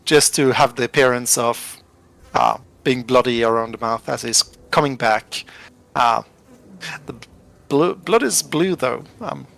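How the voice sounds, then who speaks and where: A man playing a tabletop game who talks in a halting, casual way, laughing often. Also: medium pitch, gravelly, fairly bright tone. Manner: halting, laughing, many fillers. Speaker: player.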